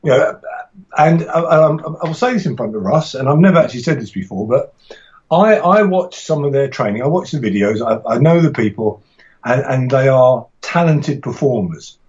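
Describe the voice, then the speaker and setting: A man's voice: mid-range voice, expressive, normal speed, a little mellow, dull audio. A man talking casually as a podcast guest about teaching martial arts, rambling and enthusiastic, with frequent restarts and laughs.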